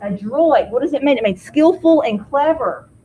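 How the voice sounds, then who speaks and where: A woman teaching a high school vocabulary lesson in a classroom, having students repeat each word. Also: lively intonation, normal speed, dark tone, rough recording. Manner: drills pronunciation, asks class to repeat words.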